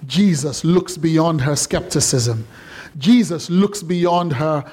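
A male pastor delivers a sermon in a high, bright-toned voice. He is animated and chatty, often breaking into asides and joking with the congregation. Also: takes it slowly, slightly rough. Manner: animated, conversational, playful.

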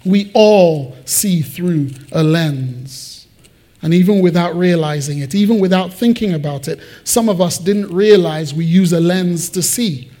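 A man preaching a sermon as pastor, asking the congregation questions and moving between loud emphasis and quiet personal confiding. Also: sits high, a little slow.

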